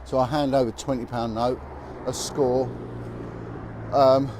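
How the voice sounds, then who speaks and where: A man's voice: medium pitch, level tone, measured pace, background noise. A man who is a former police officer, telling stories bluntly and with emphasis as he walks down a city street. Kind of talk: walking vlog monologue.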